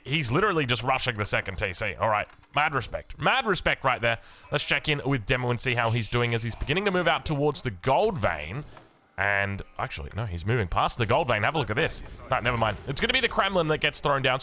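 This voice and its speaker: A young Australian man casting a strategy game match in upbeat, chatty play-by-play, his voice a little rough from the early morning. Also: medium pitch, big pitch swings, fast, sharp tone. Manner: upbeat, chatty, with casual fillers. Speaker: game caster. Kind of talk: esports play-by-play commentary.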